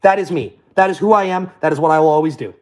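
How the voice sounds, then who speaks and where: A man's voice: on the high side, fast. A young man telling profane, boastful stories in a casual rant.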